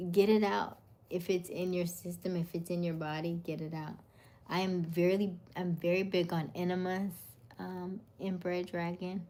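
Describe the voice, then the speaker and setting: A woman in her thirties hosting a casual livestream, reading viewer comments in a soothing voice and often dropping to a soft murmur. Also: fairly low pitch. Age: 30s. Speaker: livestream host.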